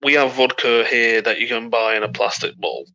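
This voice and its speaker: A man's voice: medium pitch, steady tone, brisk, creaky, pushed and bright, lo-fi sound. A man co-hosting a podcast, throwing in crude, heckling wisecracks during casual banter. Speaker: podcast co-host.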